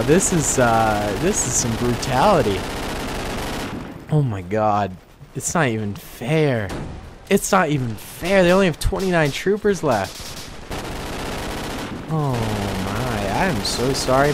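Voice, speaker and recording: Give me an excitable young man commentating a game slowly, over loud gunfire. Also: medium pitch, background noise. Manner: excitable, yelps and jokes while playing. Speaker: gaming video host. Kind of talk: let's play commentary. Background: loud game gunfire and artillery.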